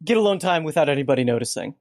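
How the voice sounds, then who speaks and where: A man's voice: fairly high pitch, lively intonation, racing, a little mellow, no echo, clean studio sound. A man playing a tabletop game, making wry, joking remarks in casual chat. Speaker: player.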